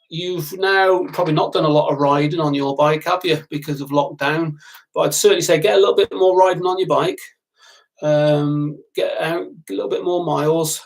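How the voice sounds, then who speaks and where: A man's voice: a little high, gravelly, low-quality recording. A middle-aged man with a southern English accent, chatting casually on a live stream and answering viewers by name as a motorcycle instructor. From southern England. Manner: chatty, addresses viewers by name, lots of ums.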